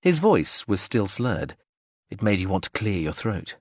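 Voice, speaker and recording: Low-voiced man narrating an audiobook. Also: very animated, unhurried, a little mellow, slightly rough, no echo, studio quality. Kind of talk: scripted narration.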